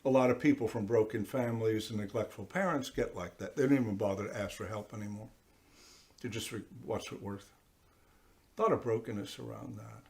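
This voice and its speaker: A man's voice: lowish voice, fast talker, vocal fry. A man, a priest giving a conversational sermon, talking straight to his listeners and acting out little voices as he goes. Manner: animated, talks straight to listeners, acts out voices. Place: church.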